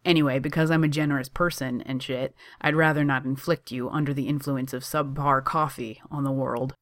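A reader playing a cocky young coffee-shop owner who shouts and swears sarcastically. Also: mid-range voice, fairly even intonation, a little fast, dry recording, studio quality, lightly acted. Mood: mocking.

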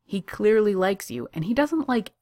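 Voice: mid-range voice, big pitch swings, normal speed, a little mellow, no room sound, clean studio sound, pitched above the performer's own voice, natural voice. A reader playing a male baker who teases his friend wryly. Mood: teasing.

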